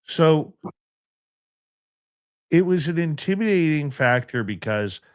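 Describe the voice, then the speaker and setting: A man recounting an outdoor encounter in a radio interview, telling it in a slow, deliberate way. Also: on the high side, expressive, smooth, dry recording, studio quality. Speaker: guest recounting a field expedition.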